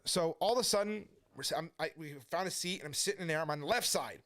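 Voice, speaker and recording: A man's voice: on the high side, fast, hardly any pauses, fairly bright tone. A middle-aged man telling his personal testimony as a story, acting out the voices of the people he quotes. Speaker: testimony speaker.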